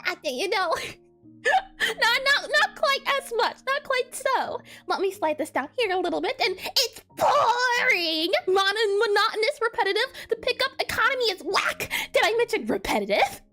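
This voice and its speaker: A woman's voice: very high voice, big pitch swings, normal speed, sharp tone, soft background music. A woman game developer chatting casually on a livestream, bubbly, with frequent stammered restarts and giggles. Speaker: game developer streaming her work.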